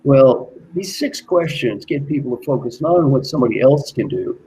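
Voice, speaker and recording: Mellow-voiced man giving a motivational talk. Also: medium pitch, expressive, slight background noise, poor audio. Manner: earnest, repeats key questions slowly. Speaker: executive coach.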